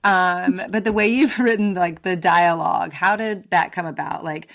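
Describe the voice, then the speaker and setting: A woman's voice: fairly low pitch, normal speed, gravelly, fairly bright tone. A woman co-hosting a book podcast, chatty and giggly, with a lot of likes in her questions. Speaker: podcast co-host. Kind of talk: casual interview chat.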